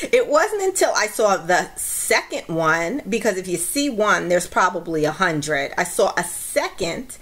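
A woman's voice: medium pitch, a bit bright. A woman vlogging casually to camera, bubbly and giggly, acting out her stories as she goes. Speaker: vlogger reviewing a product.

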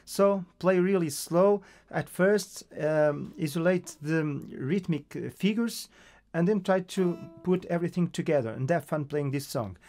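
A man's voice: fairly high pitch, unhurried, few pauses, a little mellow. A man from Portugal with a Portuguese accent, teaching a guitar lesson and counting beats patiently. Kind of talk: guitar tutorial. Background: acoustic guitar playing.

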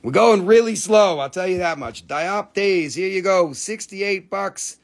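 A man's voice: high-pitched, a little slow. A man hosting a live online sale, chatting casually in a playful, goofy, joking way. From Appalachian region of the United States. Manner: playful, goofy, jokey wordplay. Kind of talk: casual live auction chat.

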